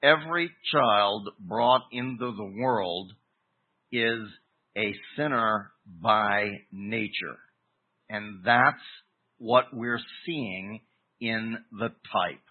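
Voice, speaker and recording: A man delivers a verse-by-verse sermon at an unhurried pace, leaning on key words with deliberate pauses. His voice is husky, and the recording sounds thin and tinny, like a phone line. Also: fairly low pitch. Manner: deliberate, emphatic teaching with pauses. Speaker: preacher. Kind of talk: expository sermon.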